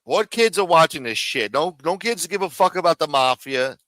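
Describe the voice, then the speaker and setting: A man hosting a live stream, ranting in a profane, sarcastic and animated way. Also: fairly high pitch, normal speed, dry recording. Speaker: live show host.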